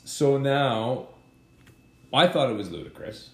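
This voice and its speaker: A man co-hosting a podcast, chatting casually with his wife, teasing and joking with animated exclamations. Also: medium pitch, takes it slowly. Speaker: podcast co-host. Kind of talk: casual bickering chat. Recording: echoey room.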